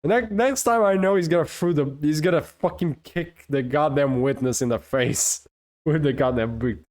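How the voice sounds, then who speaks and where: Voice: mid-range voice, normal speed, darkish tone. A swearing, laughing game streamer. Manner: swears a lot, laughs through talk. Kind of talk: live game playthrough commentary.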